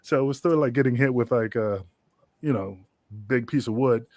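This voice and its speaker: A man's voice: mid-range voice, moderate pace, darkish tone, no room sound. Guy rambling thru a backstage story, swears a lot, dry close sound. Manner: rambling, profane, full of fillers. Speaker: guest wrestler. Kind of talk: storytelling interview.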